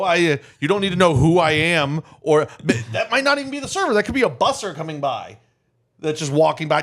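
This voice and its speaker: Man, podcast co-host, rambling answers, swears, slightly high voice. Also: animated, fairly quick, a bit bright. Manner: rambling, offhand, profane. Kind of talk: casual podcast chat.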